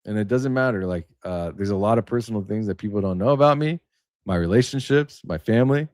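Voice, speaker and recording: A man's voice: on the low side, fast talker, darkish tone, no echo, studio quality. A man hosting a casual livestream, rambling and emphatic, reading aloud and then riffing on it. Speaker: livestream host. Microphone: webcam setup.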